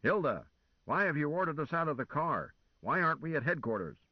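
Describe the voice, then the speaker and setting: A man voicing a gruff, impatient old man who barks questions like a drill sergeant. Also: medium pitch, very animated, unhurried, no echo, highs cut off, voice pushed up. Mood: demanding. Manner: demanding, impatient.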